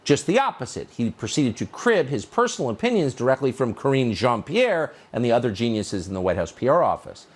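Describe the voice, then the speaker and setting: A man's voice: mid-range voice, very animated, a little fast, hardly any pauses. A male commentator delivering a scripted monologue in a sarcastic, mocking, emphatic manner. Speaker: political commentator.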